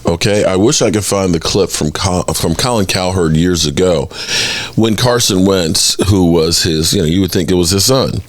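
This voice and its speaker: A man's voice: on the low side, dry recording. A man hosting a sports podcast, giving opinionated, exasperated commentary and pushing back at critics. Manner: animated, exasperated, mocks critics in exaggerated voices.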